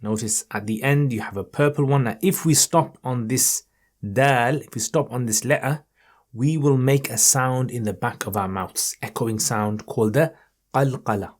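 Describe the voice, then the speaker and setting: Patient and encouraging, a man leads an online Quran reading lesson in a mid-range voice. Verse by verse, he models the text, chanting it in a slow, melodic tone that he lifts as he recites.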